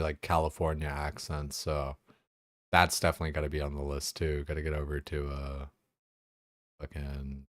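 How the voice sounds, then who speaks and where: A man's voice: a bass voice, no echo, studio quality. A young man streaming a game, chatting casually in a crude, rambling way full of fillers and swearing. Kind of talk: casual chat while gaming.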